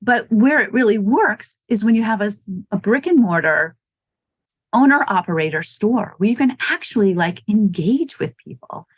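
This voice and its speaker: In a dry recording, a husky, expressive mid-range voice at a moderate pace belongs to a Wisconsin running shoe store owner. As a guest in a casual interview, she shares stories, voices quoted lines, and often bursts into laughter.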